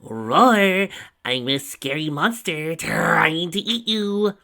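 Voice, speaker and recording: A man reading aloud and voicing a young female pony who is blunt and impatient, in a raised, bright put-on voice. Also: on the high side, very animated, a little slow, pitched above the performer's own voice, exaggerated voice. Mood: mock menace.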